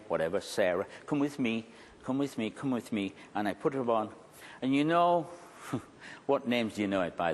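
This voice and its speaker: A man giving a conference talk as a magician, telling a story in an animated way and repeating his key phrases for emphasis. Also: lowish voice. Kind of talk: storytelling lecture. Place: large conference hall. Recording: long hall reverb.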